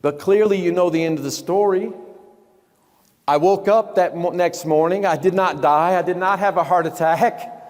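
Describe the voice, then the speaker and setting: A man giving a live motivational sermon in a large event hall. He talks emphatically, asks the audience questions, and often drops to hushed tones. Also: high-pitched, normal speed. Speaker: motivational speaker. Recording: long hall reverb.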